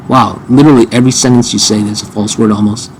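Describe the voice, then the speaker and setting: A man casually questioning an AI assistant, halting and repeating himself, with dry sarcasm. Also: fairly low pitch, steady tone, slight background noise. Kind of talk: casual chat.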